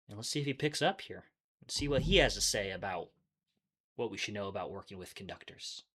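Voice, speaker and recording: A man's voice: on the low side, brisk, breathy edge. A man hosting a workplace podcast, explaining in an upbeat, conversational way and chuckling often. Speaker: podcast host. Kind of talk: casual explanatory podcast talk.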